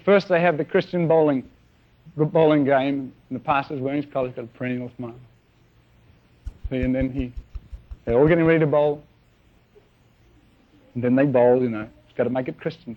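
A man preaching a sermon to young people, telling a story animatedly and acting out scenes with sound effects. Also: a little high. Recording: dull lo-fi sermon recording.

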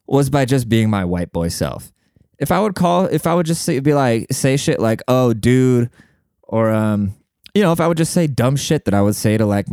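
A man's voice: a little mellow, clear, resonant tone, no room sound, studio quality. Brash, profane podcast host man. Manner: brash, profane, rambling with many fillers; jumps high in pitch when acting out quotes. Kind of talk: casual solo podcast monologue.

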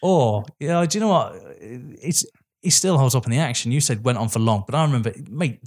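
Fast-talking man. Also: mid-range voice. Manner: excitable, sweary, laughs often. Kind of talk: casual film chat.

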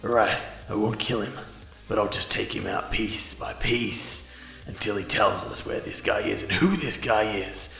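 Man voicing a brutal cop partner, gravelly and menacing, echoey room. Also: lowish voice, measured pace, fairly bright tone, soft background music. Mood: threatening. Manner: intense, threatening, gravelly. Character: violent, enraged male cop partner, ruthless.

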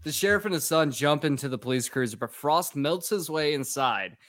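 A man's voice: a little high, animated, fairly quick, a bit bright, dry recording. A man co-hosting a podcast, recapping a movie in a profane, jokey way. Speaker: podcast co-host.

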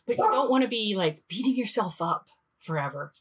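A woman in her fifties, a podcast guest, telling stories in a lively way and acting out the voices in them. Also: medium pitch, fairly quick, breathy edge. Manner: animated storyteller, acts out voices. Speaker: guest, design leader. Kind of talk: podcast interview storytelling.

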